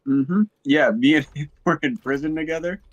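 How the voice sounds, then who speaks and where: A man's voice: a little high, normal speed, dry recording, highs cut off. A man streaming a game, joking around in playful, hesitant banter. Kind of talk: casual in-character banter.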